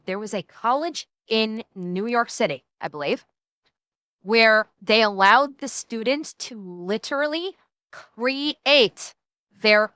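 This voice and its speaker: A woman streamer chatting casually and reacting to clips, animated and jokey, repeating herself as she goes. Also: on the high side, clean tone, no room sound.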